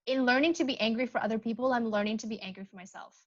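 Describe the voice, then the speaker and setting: A woman's voice: fairly high pitch, very fast, highs cut off. A woman guest on a podcast in casual chat, talking in a reflective, earnest and frank way. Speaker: podcast guest, actor and improviser.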